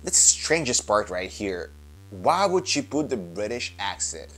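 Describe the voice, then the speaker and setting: A man's voice: medium pitch, measured pace, soft background music. A man hosting casual commentary on a news clip, opinionated and full of fillers like "like" and "uh". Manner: animated, opinionated, many fillers. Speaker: commentary host.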